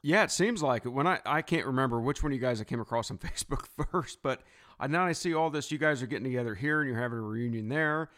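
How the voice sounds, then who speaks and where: A male host chats casually with his guest, sounding eager and fan-like. His pitch sits right in the middle of the usual range for men. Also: fast talker, fairly bright tone. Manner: enthusiastic, fan-like. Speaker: interviewer. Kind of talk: casual interview chat.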